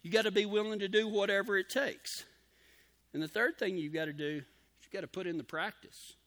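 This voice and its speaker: A man's voice: high-pitched, steady tone, fairly quick, a bit bright. A man preaching a sermon in a folksy, emphatic way, with cowboy slang and key phrases repeated for emphasis.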